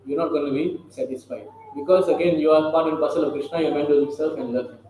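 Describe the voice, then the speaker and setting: His voice is a little high, warm, and steady, and he moves at a quick pace. The man delivers a conversational scripture lecture, frequently testing his listeners with rhetorical questions, in a very echoey room with faint noise.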